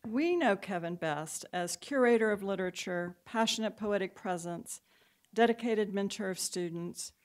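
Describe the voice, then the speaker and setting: A woman's voice: medium pitch, normal speed. A woman host giving a prepared introduction to open an event, reading a list of praises with a touch of light humor.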